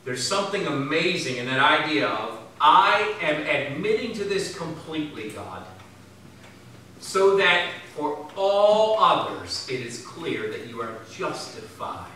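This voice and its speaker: Echoey, bright-voiced man preaching a sermon. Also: sing-song, measured pace, slight background noise. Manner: swings from loud emphatic bursts to low quiet asides. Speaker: pastor. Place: church sanctuary. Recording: very echoey church from far off.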